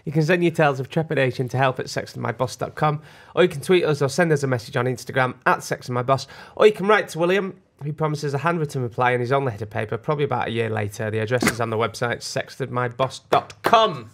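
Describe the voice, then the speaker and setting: A man co-hosts a casual podcast, with a voice that sits at an ordinary middle pitch. He is animated and quick to laugh, and he jumps from one topic to the next. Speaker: podcast co-host. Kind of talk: casual chat.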